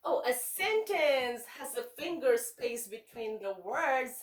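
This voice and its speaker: A woman teacher reading a picture book aloud to young children in slow, sing-song teacher talk, checking in with them often. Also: sits high, animated, recorded from a distance. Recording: echoey room, voice away from the mic.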